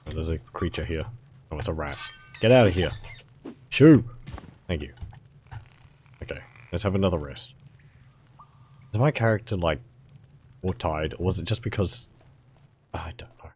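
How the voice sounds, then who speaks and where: A man with a mild Australian accent and a hoarse, fading voice, chatting casually to viewers while streaming a video game. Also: sits low, normal speed, long pauses, a little mellow, slight background noise. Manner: chatty, rambling, talks to chat viewers.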